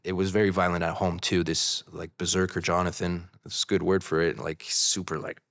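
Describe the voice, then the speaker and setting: A man in his thirties, a podcast guest, telling a personal story in casual talk, candid and animated, acting out the voices of others. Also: low-pitched, brisk.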